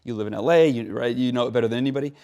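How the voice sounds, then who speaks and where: A man as a guest in an interview, speaking in an animated, conversational way, acting out quotes and often tagging his sentences with "right?". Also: very fast, muffled recording. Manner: animated, acts out quotes with rising pitch; frequent "right?" tags.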